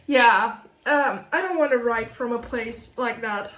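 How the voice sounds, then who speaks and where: A woman in her late thirties, an author giving a candid personal update to camera, halting and apologetic, often breaking off mid-sentence and laughing through tears. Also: fairly high pitch, a bit bright, echoey room. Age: late 30s. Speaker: author vlogger. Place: at her desk, in a roomy room.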